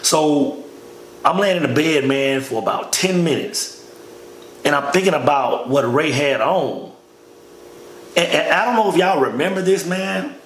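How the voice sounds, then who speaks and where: A man with a fairly high voice recounts his army training in a long, casual personal story, speaking a little slowly. He's relaxed and slangy, calling the listener "man" constantly, in an echoey room with faint noise.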